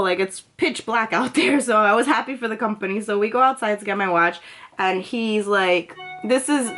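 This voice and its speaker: A woman's voice: medium pitch, fairly bright tone. A young woman vlogging, telling a personal story in a chatty, casual way, full of filler words and swearing freely.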